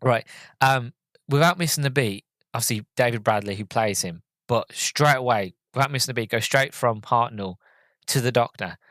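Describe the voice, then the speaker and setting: A man's voice: mid-range voice, normal speed, a bit bright, dry recording. Earnest man, dry close sound. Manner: earnest, heartfelt and rambling, with many restarts. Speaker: podcast host. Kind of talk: casual film review.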